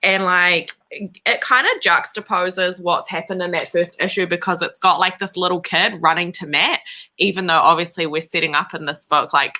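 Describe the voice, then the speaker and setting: A woman's voice: on the low side, fairly even intonation, moderate pace, pushed and bright, rough recording. A woman in her thirties with a New Zealand accent and a slightly nasal voice, co-hosting a casual comics chat with lots of fillers. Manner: chatty, filler-heavy, upbeat. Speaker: podcast co-host.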